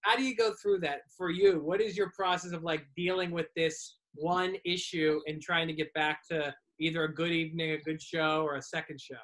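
A comedian hosts a relaxed chat. He asks long, loose questions in a high, bright, forceful voice. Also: moderate pace, few pauses. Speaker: comedian and podcast host. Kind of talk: casual interview chat.

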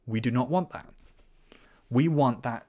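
A man's voice: mid-range voice, warm tone. A man giving live-coding commentary, thinking aloud as he programs, reading code out and correcting himself as he goes. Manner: quick self-corrections and asides. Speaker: programming teacher.

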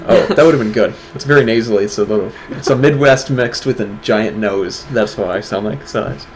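A man's voice: fairly low pitch, brisk, slight background noise, low-quality recording. A man co-hosting an online awards show in casual chat, joking and teasing his co-host.

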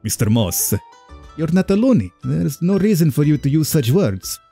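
A man's voice: fairly high pitch, big pitch swings, moderate pace, vocal fry, warm tone, breathy edge, faint music behind, pitched above the performer's own voice, heavily acted. A man voicing an eager, overly friendly male psychiatrist in a put-on Spanish-type accent, read from a visual novel game. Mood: cheery.

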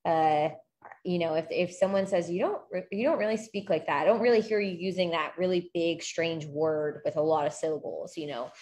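A woman's voice: on the low side, a little fast, darkish tone. A young woman talking casually to a group as a law school admissions tutor, chatty and full of fillers. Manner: chatty, many fillers and quoted questions. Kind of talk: casual talk to a live group.

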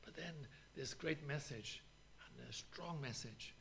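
A man preaching an earnest, emphatic sermon in a church, pausing often and stressing his points. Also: medium pitch, creaky, a bit bright, a little hiss or hum.

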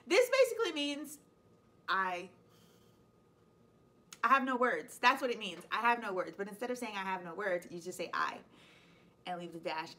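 A woman in her thirties, a high school teacher hosting a casual explainer vlog, chatty and playful, laughing often. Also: bright, forceful tone.

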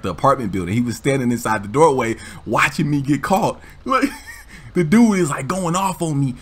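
A man hosting a gaming channel, telling a story in a casual, animated, slangy way with frequent laughs. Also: mid-range voice.

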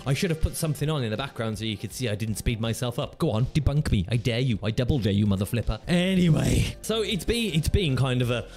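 Male vlog host, rambling, jokey, swears playfully; casual reaction chat at a middling pitch, faint music under him. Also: animated, quick pace, hardly any pauses, darkish tone. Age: adult parent of a teenager. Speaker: channel host.

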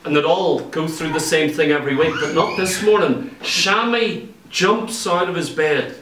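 A man with an Irish accent preaching a sermon, telling stories in a lively way and acting out what people said. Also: a little high, unhurried. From Ireland. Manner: lively storytelling, acts out quoted speech. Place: church. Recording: echoey church room, mic at a distance.

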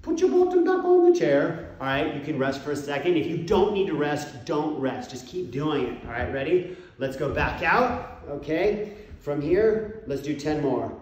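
In a very echoey room with the mic far off, a man with a slightly high voice leads a home workout as a fitness coach. He speaks at a moderate pace over lo-fi sound, counting out reps and encouraging the listener.

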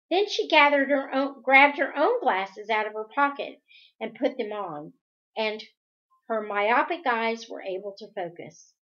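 A woman reads a storybook aloud slowly, keeping an unhurried, steady delivery with the odd restart. The recording sounds dull and lo-fi. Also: on the high side. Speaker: reader.

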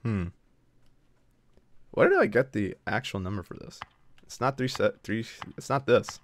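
A man's voice: fairly low pitch, sing-song, measured pace, no room sound. Brash, profane male game streamer. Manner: brash and profane, trash-talking chat. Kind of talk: casual live-stream commentary.

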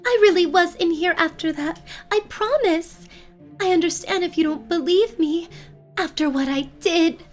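A woman's voice: very high-pitched, moderate pace, faint music behind, pitched above the performer's own voice. A woman voicing a tearful young woman suspect. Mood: pleading. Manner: sniffling, pleading, apologetic.

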